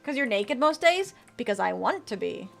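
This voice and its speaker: Soft music plays behind a VTuber streamer whose fairly high, creaky voice swings widely in pitch at a moderate pace. She gives casual gameplay commentary, answers what her chat says, and swears now and then.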